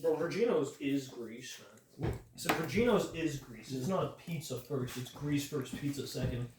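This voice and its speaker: A man's voice: mid-range voice, lively intonation, moderate pace. A young man narrating casually as game master of a tabletop game, laughing and joking as he goes. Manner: laughs often, loose and joking. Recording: echoey room with faint noise.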